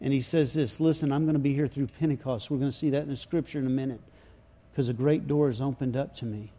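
A man preaching a sermon, retelling scripture in folksy everyday words and swinging from quiet asides to shouted crowd chants. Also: mid-range voice, fairly even intonation, fast. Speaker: pastor.

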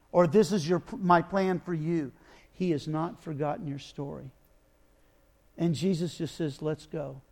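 High-voiced preacher telling a story. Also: male voice. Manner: dramatic storytelling, acting out biblical dialogue with swings from loud to hushed. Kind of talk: sermon.

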